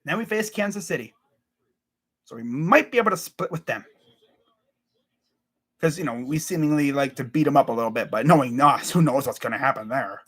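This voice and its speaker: A man's voice: mid-range voice, animated, brisk, long pauses, fairly bright tone, breathy edge. A young man hosting a casual sports rant, exasperated and repeating himself as he vents. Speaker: sports channel host.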